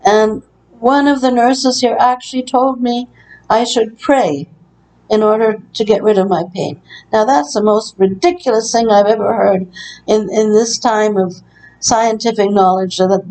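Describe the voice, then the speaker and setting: Brief: bedbound woman recording a testimony in her care-home room, mellow tone, earnest and aggrieved, halting delivery. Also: mid-range voice, fairly even intonation, poor audio. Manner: earnest, aggrieved, hesitant with frequent uh. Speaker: long-term care resident. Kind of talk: personal testimony vlog.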